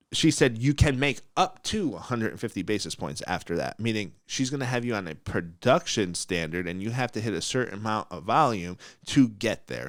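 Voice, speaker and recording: A podcast host tells a story in a blunt, animated way, with his pitch swinging up and down. His voice is dry and close to the mic, with no room sound. He acts out quotes and laughs easily. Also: no room sound. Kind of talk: casual storytelling.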